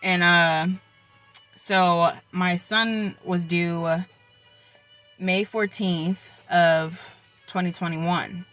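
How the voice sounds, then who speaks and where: A woman's voice: on the low side, steady tone, drawn-out words, a bit bright, soft background music, rough recording. A young woman casually telling a personal story, chatty and full of likes and ums. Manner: chatty, filler-heavy, with many likes and ums. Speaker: vlogger.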